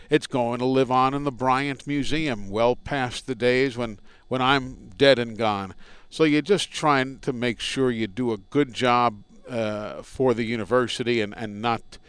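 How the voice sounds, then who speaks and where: A man's voice: medium pitch, measured pace, fairly bright tone, clear, resonant tone, dry recording. A radio play-by-play broadcaster telling casual, rambling, self-deprecating stories from his career in an interview. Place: indoors at a college arena.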